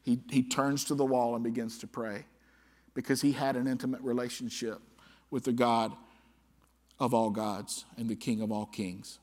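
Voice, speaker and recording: A man's voice: medium pitch, level tone, moderate pace, darkish tone. A man preaching a sermon as pastor, reading scripture aloud with rising, impassioned emphasis. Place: church sanctuary. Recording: church hall with long reverb.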